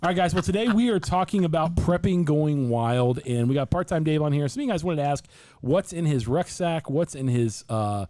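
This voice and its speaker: Podcast host, male, raised pitch, mellow tone, loose joking studio chat. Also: fairly quick, dry recording. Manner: loose, joking, repeats himself when starting sentences.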